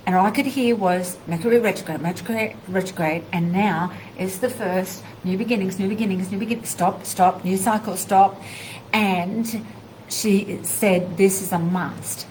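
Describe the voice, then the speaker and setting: A woman, a spiritual teacher, telling a personal story in a live video, animated and heartfelt, acting out bits of dialogue. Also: medium pitch, moderate pace, a little hiss or hum, poor audio.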